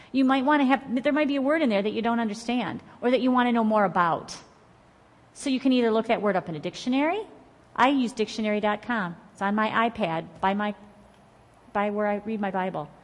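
With a voice on the high side and a long reverb tail behind it, a woman teaches Bible study. She's earnest, encouraging and conversational, and she reads scripture slowly with emphasis.

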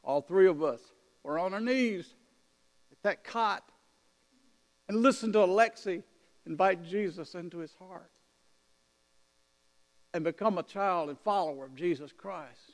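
High-voiced man preaching in an echoing hall. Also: moderate pace, pauses often. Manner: animated anecdotal telling with quoted dialogue. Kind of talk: sermon storytelling. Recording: long hall reverb.

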